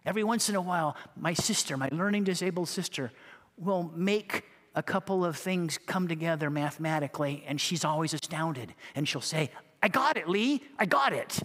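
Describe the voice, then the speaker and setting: A man's voice: a little high, fairly bright tone, in a large hall. A male pastor preaching a fervent sermon, with emphatic repetition and acted-out quotes.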